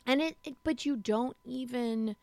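A woman's voice: fairly high pitch, normal speed, vocal fry, darkish tone, dry recording. Woman, podcast co-host, casual film chat, rambling, fillers, dry sound. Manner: chatty, rambling, lots of fillers.

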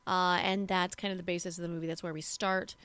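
Animated woman podcast host. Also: lowish voice, quick pace, smooth, no room sound. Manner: animated storyteller, slips into voices. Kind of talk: casual movie-discussion chat.

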